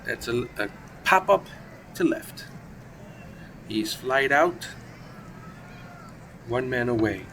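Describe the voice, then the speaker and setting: A man with a gravelly voice calls baseball play-by-play in a casual, chatty way, with asides and self-corrections. A steady noise hiss sits behind him. His pitch is middle of the range. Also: takes it slowly, pauses often. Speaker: play-by-play commentator. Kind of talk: solo play-by-play of a simulated baseball game.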